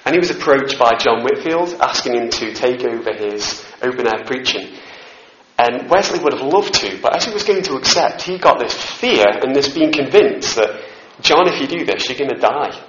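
A man's voice: medium pitch, animated, normal speed, a bit bright, slight background noise. A man preaching a sermon in a church hall, conversational and self-deprecating, with asides to the room. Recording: roomy, slightly dull hall recording.

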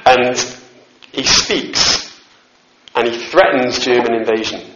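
A man's voice: mid-range voice, takes it slowly, bright, forceful tone. A man preaching a sermon in a church hall, conversational and self-deprecating, with asides to the room. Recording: roomy, slightly dull hall recording.

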